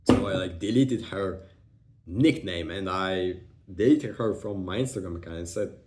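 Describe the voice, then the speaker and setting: Deep-voiced and a little mellow, this young male vlogger speaks at normal speed while recounting something from his own life. The story wanders, profanity-laced and full of fillers and restarts. There's a roomy echo and a slight hiss or hum.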